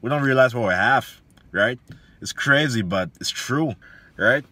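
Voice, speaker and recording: A man's voice: medium pitch, animated, unhurried, bright, forceful tone. A man, an online fitness coach, giving a preachy motivational monologue full of repeated lines, slang and rhetorical questions.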